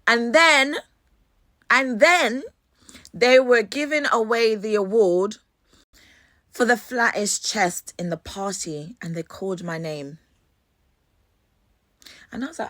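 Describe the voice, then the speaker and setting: Jamaican-born london woman, slow and bright, animated storytelling, cusses a lot, dry close mic. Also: fairly high pitch, no echo. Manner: animated, swears freely. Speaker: host. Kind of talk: storytelling monologue.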